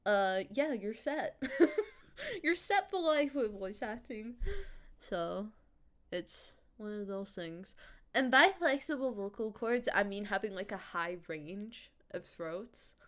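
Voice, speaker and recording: Woman streamer, casual chat, animated, frequent laughter, swearing, higher put-on voice. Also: takes it slowly. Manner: puts on a higher character voice. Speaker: streamer and voice actor.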